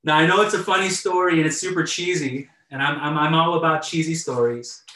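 A man's voice: fairly high pitch, fairly even intonation, brisk, far from the mic. Man telling a sermon story in an echoey room. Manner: conversational, warm storytelling with chuckles and repeated starts. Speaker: pastor.

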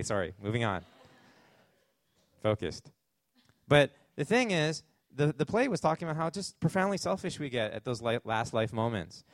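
A man's voice: a little high, very animated, moderate pace, dry recording. A man with a Canadian accent preaching a sermon as pastor, conversational, with asides and fillers.

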